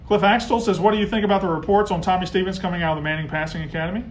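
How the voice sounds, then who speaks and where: A man hosting a casual live sports talk stream, heckling rivals and getting loud when riled. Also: high voice, steady tone, rapid-fire, slight background noise. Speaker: sports show host.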